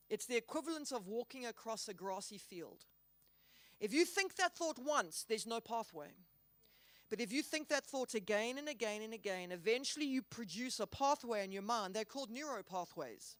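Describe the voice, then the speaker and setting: Woman conference speaker giving a faith talk; emphatic, leans on key words, fairly high voice, dry close sound. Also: fairly bright tone, dry recording. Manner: earnest, emphatic, slows down to stress key words. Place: hall.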